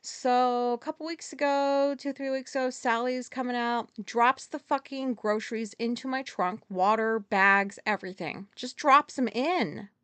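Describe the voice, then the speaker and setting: A woman hosting a podcast and telling a story at home in a rambling, profane way. She corrects herself often and gets loud and agitated as she retells a conflict. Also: a little high, fairly even intonation, clear, resonant tone, dry recording. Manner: rambling, heavy swearing, quick self-corrections. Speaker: podcast host. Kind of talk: casual storytelling monologue.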